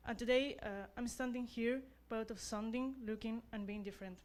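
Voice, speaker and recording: Young woman, non-native English speaker, class rep at a graduation; slightly high voice, earnest and self-deprecating, halting phrasing. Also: fairly even intonation, a little mellow. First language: not English. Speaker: class representative. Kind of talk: graduation speech.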